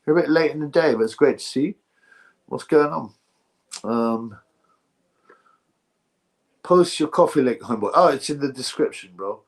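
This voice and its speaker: A man's voice: mid-range voice, normal speed, pauses often. A man hosting a casual livestream, rambling sarcastically and answering chat messages. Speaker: livestream host.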